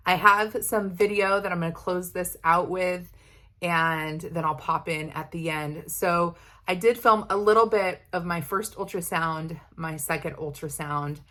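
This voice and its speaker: A young woman holds a candid, chatty chat with her viewers, rambling a little as she goes. Her voice sits slightly low for a woman, relaxed and conversational. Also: measured pace. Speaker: vlogger. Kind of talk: casual chat.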